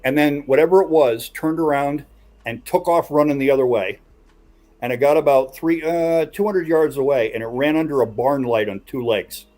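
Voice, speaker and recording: A man's voice: a little high, normal speed, darkish tone, soft background music. A man hosting a casual podcast chat who builds suspense as he tells a story. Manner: builds suspense while recounting a tale.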